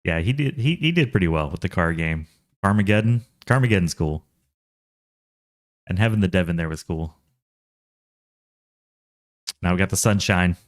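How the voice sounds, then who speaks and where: A Texan-accented man gives casual gameplay commentary on a stream, talking to himself and his chat and laughing often. His low voice has lively intonation, a moderate pace, and long pauses, captured in a dry, studio-quality recording.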